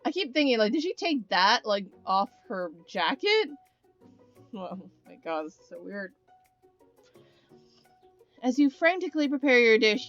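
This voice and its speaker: A woman's voice: medium pitch, smooth. A woman doing let's play commentary, reading the game text aloud dramatically with sardonic, swearing asides. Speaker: let's player. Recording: slightly dull recording, faint music.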